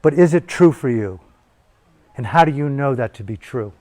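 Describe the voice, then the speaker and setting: A man's voice: mid-range voice, animated, moderate pace, darkish tone. A man giving a profane, provocative dharma talk as a meditation teacher at a retreat. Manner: provocative, swearing, intense. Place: retreat hall in Bali.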